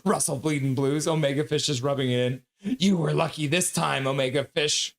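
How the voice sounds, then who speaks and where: A man's voice: a little high, normal speed, creaky. A man from Calgary hosting a casual live stream, reading out viewers' chat messages in a jokey way and laughing often. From Calgary, Canada.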